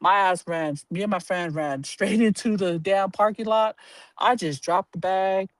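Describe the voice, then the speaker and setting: A man telling a personal story to a live audience, animated and blunt, swearing casually and acting out the voices of the people in it. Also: high voice, measured pace, no echo. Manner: animated, acts out quoted voices, laughs while telling.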